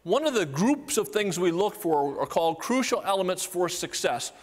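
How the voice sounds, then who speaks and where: An older man addresses an audience in a keynote, speaking high-pitched at a moderate pace. His motivational sales talk is packed with animated stories, acted-out quotes, and rhetorical questions fired at the crowd.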